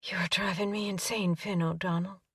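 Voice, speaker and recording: A woman narrator voicing a passionate young woman, speaking softly and breathlessly. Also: on the low side, measured pace, breathy edge, dry recording, studio quality, distant mic. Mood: intimate.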